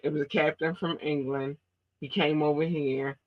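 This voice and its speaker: A woman's voice: low-pitched, steady tone, normal speed, dull audio. A woman from Baltimore with a Baltimore accent, podcast host in casual chat, talking in an emphatic, blunt and profane way. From Baltimore, USA.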